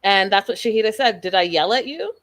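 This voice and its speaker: A woman's voice: medium pitch, a little fast, no echo. A young adult woman hosting a show, recapping a reality episode in casual, opinionated talk and acting out quotes. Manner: animated, opinionated, acts out quotes.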